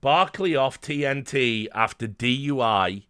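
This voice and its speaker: A man's voice: mid-range voice, lively intonation, measured pace, bright, forceful tone, smooth, dry recording, clean studio sound. A man telling a story casually, rambling, swearing often and laughing. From Britain. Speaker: streamer host.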